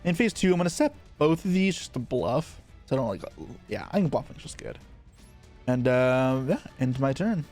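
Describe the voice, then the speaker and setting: A man streams an online card game, talking through each move as he plays it. His voice sits at a middling pitch, and his quick muttered asides run into one another as he thinks aloud. Soft music plays faintly underneath. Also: expressive. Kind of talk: live gameplay commentary.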